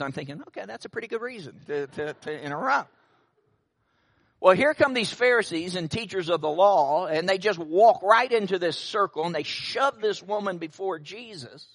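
A man's voice: high-pitched, vocal fry, fairly bright tone. A middle-aged male pastor preaching a sermon, telling stories with wry asides.

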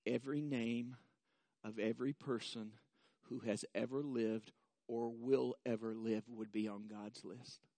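A man preaching a sermon as pastor, slow and measured, building to emphatic repetition and leading the congregation in reciting scripture. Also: medium pitch, steady tone, warm tone, no echo.

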